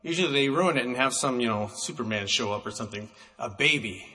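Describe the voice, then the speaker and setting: A man preaching a sermon, emphatic and slowing down to stress single words, recorded in a church hall. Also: medium pitch, lively intonation, bright, forceful tone.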